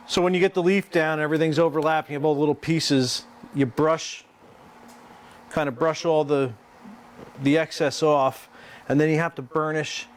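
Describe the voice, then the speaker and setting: A man hosting a live art stream, explaining his work in a halting, rambling way with lots of restarts. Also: fairly high pitch, slight background noise. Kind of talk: casual live-stream chat while working.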